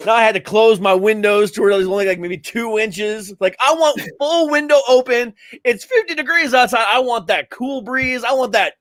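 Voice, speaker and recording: High-voiced middle-aged man, casual chat. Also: moderate pace, few pauses, a bit bright, no room sound. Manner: rambling, swears casually, laughs often.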